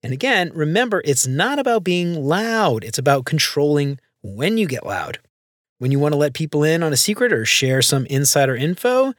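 A man's voice: on the high side, very animated, fairly quick, fairly bright tone, no room sound, clean studio sound. A man hosting a solo podcast, explaining speaking tips step by step in a conversational way. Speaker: podcast host. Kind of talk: solo instructional podcast talk.

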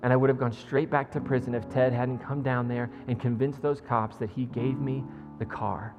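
A deadpan middle-aged coach speaks quietly and steadily, as a preacher puts him on. Each word is solemn and measured. The sound rings with a long church reverb, with faint music underneath. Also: male voice, medium pitch, natural voice.

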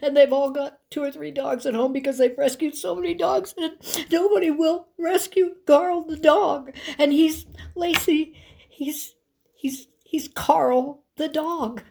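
A woman's voice: sits high, fairly even intonation, measured pace, vocal fry, dark tone, a little hiss or hum, voice pushed up. A woman voicing her tearful friend, who stammers and pleads breathlessly to save a dog. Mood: frantic.

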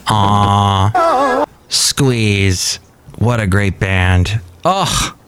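A man's voice: lowish voice, huge pitch swings, extremely slow, a bit bright, clean tone, faint music behind. A man in his fifties hosting a podcast, rambling casually and poking fun at himself. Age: 50s. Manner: rambling, self-deprecating. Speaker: podcast host. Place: cafe.

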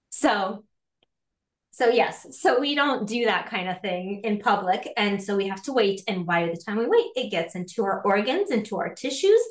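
A woman guest coach in an animated podcast interview, laughing often and acting out little quoted voices. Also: medium pitch. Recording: roomy echo.

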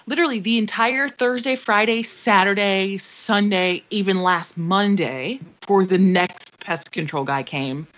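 A woman's voice: fairly high pitch, fairly bright tone. A young adult woman co-hosting a podcast, telling a dramatic, profane story in casual chat. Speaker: podcast co-host. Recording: slightly dull lo-fi sound.

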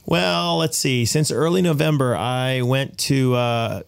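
A man on a podcast, casually recounting travel stories with animated delivery. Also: medium pitch, slow pace, vocal fry, clear, resonant tone, dry recording. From United States. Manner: animated storyteller, voices quoted people. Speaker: podcast co-host. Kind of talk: casual chat, storytelling.

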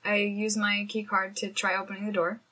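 A woman playing her character in a tabletop role-play game, friendly and eager, with a husky voice. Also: mid-range voice, level tone, a little fast, pushed and bright. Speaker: player.

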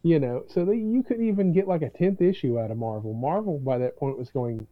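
Male podcast co-host on a remote call, voice a bit high, thin phone-line sound, measured and dry. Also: animated, no room sound. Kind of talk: casual chat.

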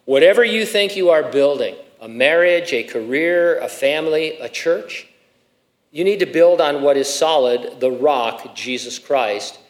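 Conversational middle-aged pastor preaching. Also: male voice, a little high, expressive, unhurried. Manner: conversational, with asides and rhetorical questions; reads scripture with rising emphasis. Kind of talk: expository sermon.

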